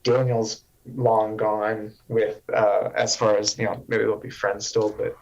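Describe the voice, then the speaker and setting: Brief: male podcast co-host, lowish voice, rambling and tentative. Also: flat delivery, a little slow, highs cut off. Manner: thinks aloud, tentative and rambling. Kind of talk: casual chat.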